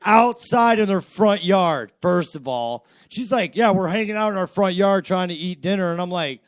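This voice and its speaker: Young man, host, crude banter, somewhat high voice, dry close sound, animated and profane. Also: normal speed, dry recording. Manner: profane, animated storytelling with laughs. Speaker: podcast host. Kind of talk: crude casual radio banter. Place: home studio.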